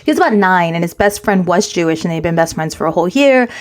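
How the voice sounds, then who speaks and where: A woman in her forties co-hosting a casual podcast chat, telling animated stories and slipping Spanish words into her English. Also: lowish voice, fast talker. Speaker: podcast co-host.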